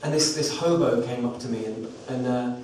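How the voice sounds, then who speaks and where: A man with a mid-range, darkish voice speaks a little fast. He is a singer-songwriter performing live in a recording studio, telling a small audience a rambling, self-deprecating story to introduce a song. The live recording is roomy and distant, with background noise.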